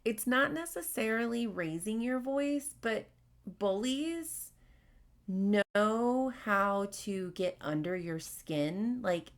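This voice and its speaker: A woman hosting a podcast, giving frank, casual workplace advice with plenty of fillers. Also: medium pitch. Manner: frank, conversational, with many fillers. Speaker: podcast host.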